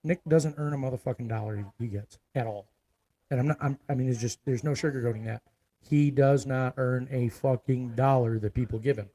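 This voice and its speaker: A man delivering a profane, forceful rant to his viewers, repeating lines for emphasis. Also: medium pitch, fairly even intonation, brisk, low-quality recording. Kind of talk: ranting video monologue.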